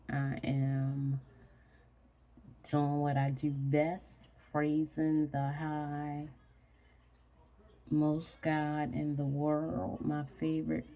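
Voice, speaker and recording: Sleepy woman, gravelly voice, slow rambling casual chat. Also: deep voice, dull audio. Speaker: vlogger.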